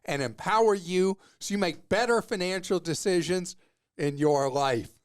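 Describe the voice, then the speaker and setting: A man's voice: high voice, moderate pace, smooth. A man hosting a consumer money radio show, talking in a casual, self-mocking, joking way into a studio microphone.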